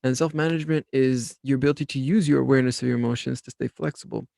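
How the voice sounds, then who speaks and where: A young man with a gravelly, middle-pitched voice hosts a self-help podcast. He tells his story in a relaxed, rambling way, full of fillers and restarts. The sound is dry and close, with no room echo. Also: rapid-fire. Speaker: podcast host.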